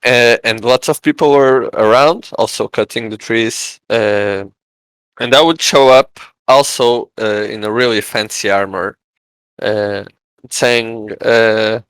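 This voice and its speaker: A man with a Portuguese accent chats as a podcast guest, his voice smooth and resonant. He stops and restarts often, filling gaps with "uh" as he works through a story. The sound is dry and close. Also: mid-range voice, fairly even intonation, fairly bright tone, dry recording, low-quality recording. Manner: halting, many "uh" fillers, acts out quoted voices. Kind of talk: casual storytelling chat.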